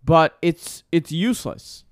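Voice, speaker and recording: Sarcastic male co-host, smooth clear voice, a bit high, dry sound. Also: expressive, slow pace, dry recording. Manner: sarcastic, mock-outraged. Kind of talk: casual comedic chat.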